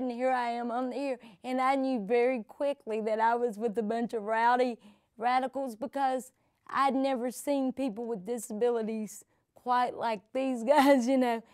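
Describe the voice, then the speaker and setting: A woman's voice: fairly high pitch, a little mellow, dry recording, studio quality. A middle-aged woman from the American South recounting her life in a conversational oral-history interview, with frequent restarts and asides. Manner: conversational storytelling with many restarts and "you know". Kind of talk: personal storytelling interview.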